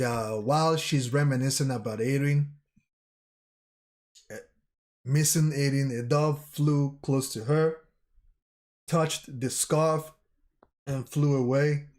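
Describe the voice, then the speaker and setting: A man talks through a manga chapter in an unhurried, casual vlog recap. His voice sits at an ordinary middle pitch. He tells the scenes haltingly, pausing and correcting himself along the way. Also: darkish tone. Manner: recounts scenes haltingly, with pauses and self-corrections. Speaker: manga vlogger.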